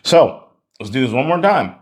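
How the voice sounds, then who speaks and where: A man teaching a singing lesson as a vocal coach, out of breath and talking with energetic, repeated emphasis. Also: medium pitch, moderate pace, husky. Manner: energetic, repetitive emphasis, laughs between points.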